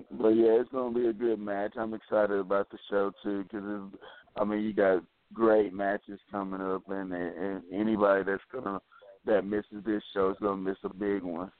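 A hoarse man with a low, flat voice calls in to talk about an upcoming match, stumbling through fillers. The sound is narrow and phone-like. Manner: halting, many fillers. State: hoarse, a little sick. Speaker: wrestler calling in. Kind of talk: phone interview. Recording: tinny phone line.

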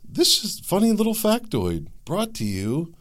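A man imitating a calm male public radio announcer, giving a slow, measured sponsor read. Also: sits high, voice pushed up, full character voice.

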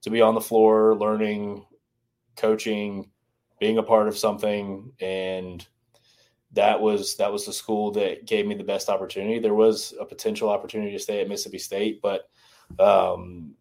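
A man's voice: on the low side, flat delivery, moderate pace, vocal fry, a little mellow. A man from the American South, a former baseball strength coach, talking loosely in a podcast interview with lots of restarts. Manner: rambling, many restarts and "you know"s.

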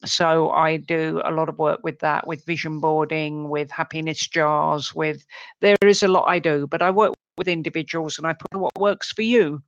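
A British woman from the UK, a medium and psychic guest on a radio show, who talks in a friendly way and spells things out clearly. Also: low voice, fairly even intonation, normal speed, dry recording, highs cut off. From United Kingdom. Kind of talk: casual radio chat.

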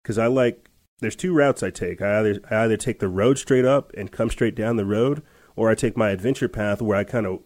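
A man's voice: lowish voice, brisk, darkish tone, no echo. A man hosting a podcast, telling a story in a rambling casual way with many restarts and laughs. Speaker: podcast host. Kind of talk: casual chat.

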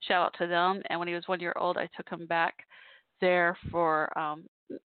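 A woman's voice: on the low side, level tone, normal speed, clear, resonant tone, no room sound. A woman hosting a call-in podcast, chatting in a rambling way with fillers and asides. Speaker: podcast host and call-in show DJ. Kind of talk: casual solo podcast talk. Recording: dry tinny phone-like line.

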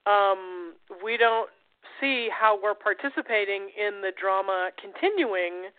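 A woman's voice: mid-range voice, measured pace. A woman co-hosting a talk show, speaking in a conversational way and sometimes acting out other people. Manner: conversational, acts out quoted people. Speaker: co-host. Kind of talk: casual talk show chat. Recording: tinny phone-like line.

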